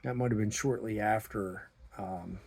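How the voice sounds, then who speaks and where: A middle-aged man telling a story about his small business in a blunt, profane, animated way, acting out the dialogue. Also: lowish voice, unhurried, gravelly, a little hiss or hum. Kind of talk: casual storytelling monologue.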